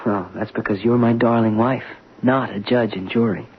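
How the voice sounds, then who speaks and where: A man's voice: on the low side, steady tone, moderate pace, very noisy, natural voice. An actor playing an anxious young stockbroker who stammers in his own defense, in a 1970s radio drama. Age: young adult. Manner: nervous, stammering. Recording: dull 1970s radio broadcast.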